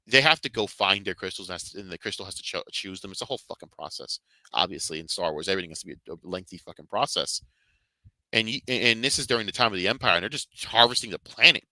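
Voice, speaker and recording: A man's voice: on the low side, pushed and bright, no room sound, rough recording. A man reviewing games and shows in casual commentary, rambling and fervent, swearing heavily. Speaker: video game and Star Wars reviewer.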